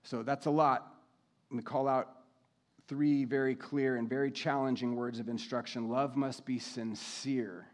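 A pastor gives a sermon in a steady, mid-pitched man's voice. He speaks in a measured way and slows down deliberately to read scripture.

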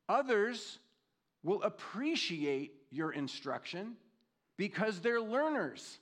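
A man in his fifties preaching a sermon in a conversational, reflective way, reading scripture slowly and telling personal stories. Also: sits high, sing-song. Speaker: pastor.

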